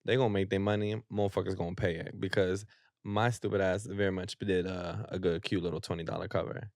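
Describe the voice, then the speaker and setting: A man's voice: low voice, fairly even intonation, fast talker, darkish tone, no room sound, clean studio sound. A young man, co-hosting a podcast with sassy, slangy banter. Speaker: podcast co-host. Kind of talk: casual chat.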